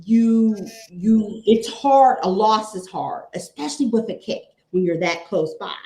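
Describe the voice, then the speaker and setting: A woman's voice: medium pitch, animated, a little slow, dark tone, reverberant. A woman from Cleveland, a guest chatting casually about football, repeating her points with a fan's enthusiasm. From Cleveland, Ohio. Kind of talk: casual sports chat.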